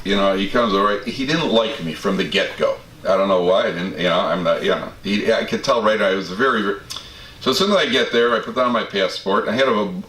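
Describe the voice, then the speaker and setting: Lower-voiced guy rabbi spinning funny stories, lots of stammery restarts, echoey hall, mic kinda far. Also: a bit bright, slight background noise. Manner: anecdotal, self-deprecating humor with frequent restarts and stammers. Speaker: rabbi and lecturer. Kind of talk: storytelling talk to an audience. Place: community study hall. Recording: roomy hall from a distance, faint background ambience.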